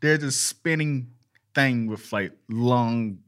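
An American man co-hosting a podcast, offhand and quick to laugh in casual chat. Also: medium pitch, fairly bright tone.

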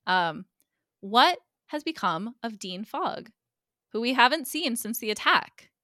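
Bright-voiced woman recapping a show. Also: a little high, very animated, slow pace, no echo, clean studio sound. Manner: chatty, acts out character lines in quotes. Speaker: guest co-host recapping episodes. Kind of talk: casual podcast chat.

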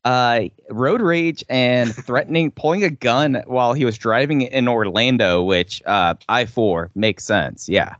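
A man's voice: medium pitch, a little slow, few pauses, fairly bright tone, no room sound, dull audio. A man playing along on a trivia podcast, rambling and searching aloud for names. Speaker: quiz contestant. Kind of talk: casual podcast chat.

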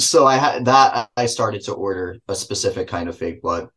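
A man's voice: mid-range voice, a little fast, few pauses, fairly bright tone. A man with a New Jersey accent, a filmmaker guest answering interview questions in a loose, self-correcting way. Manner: rambling, self-correcting, laughs between thoughts.

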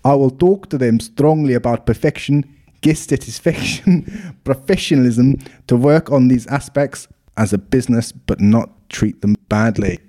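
A man's voice: mid-range voice, normal speed, warm tone, close to an everyday voice. A man putting on a South African accent to voice a defensive hotel owner who rolls his R's and turns stiff and aggressive. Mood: indignant. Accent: put-on South African. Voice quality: rolling R's. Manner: stiff, indignant, growing aggressive. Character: defensive male hotel owner answering a bad review.

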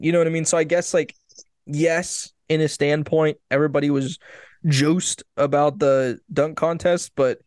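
A man talks sports in a loose, rambling way, circling back and restarting his thoughts. His voice sits a bit high and sounds dry and close, with no room around it. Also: no room sound. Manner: rambling, restarts a lot, emphatic. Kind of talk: casual sports chat.

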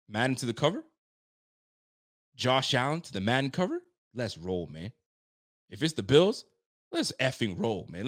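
Loud, excitable sports podcast host man. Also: on the low side, no room sound, studio quality. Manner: loud, excitable, repeats himself. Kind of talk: casual live show chat.

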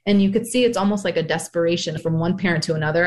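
Woman, 30s, podcast guest, frank, earnest, lowish voice. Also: racing. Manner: earnest, frank, animated when quoting others. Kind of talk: candid personal storytelling.

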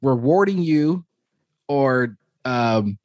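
A man in his thirties talks through a casual podcast conversation. His delivery is animated and full of fillers, and he laughs as he tells stories. His voice sits at a middle pitch in a dry, close setting. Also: extremely slow, no room sound. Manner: animated storyteller, frequent fillers, laughs while talking. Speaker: podcast co-host.

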